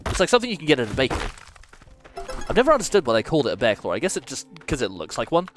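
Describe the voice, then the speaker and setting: Lively, playful man streaming a game. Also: mid-range voice, very fast, over music. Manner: playful, swears freely, muses aloud while playing. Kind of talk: casual gameplay commentary.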